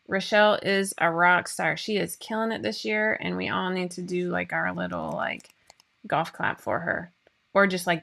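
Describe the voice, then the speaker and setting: A woman's voice: lowish voice, creaky, bright, forceful tone. A woman, hosting a casual live-stream chat in a bubbly, rambling way with many fillers. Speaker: host of a sewing pattern company show.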